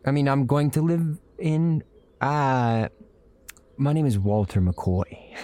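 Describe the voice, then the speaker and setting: A man's voice: medium pitch, slow, warm tone, close to an everyday voice. An actor playing an earnest young man who narrates his own time-travel adventure in a folksy, colloquial way and stammers when flustered, in old-time radio drama style. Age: young adult. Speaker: narrator and lead character.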